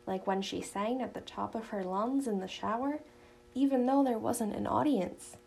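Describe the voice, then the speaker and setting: Woman narrator for a children's novel; steady, clear telling with some vocal fry. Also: a little high, moderate pace, low-quality recording. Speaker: audiobook narrator.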